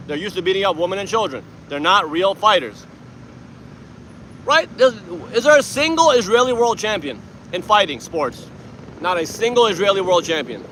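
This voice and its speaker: A young man with a high, tense, sharp-edged voice talks straight to his livestream chat from an outdoor street protest. He speaks casually, boastful and combative, into a handheld phone, with faint traffic and street noise behind him. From Iran.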